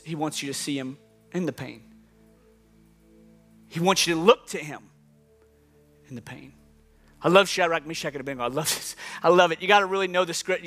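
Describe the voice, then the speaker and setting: A man preaching a sermon in an emphatic, conversational way, drawing out phrases and dropping to a hush. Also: on the high side.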